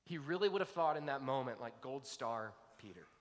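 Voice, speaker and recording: A pastor preaching a sermon, piling up long lists with mounting emphasis. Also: male voice, mid-range voice, lively intonation, brisk. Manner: emphatic, building intensity through long lists. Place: church sanctuary. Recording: long hall reverb.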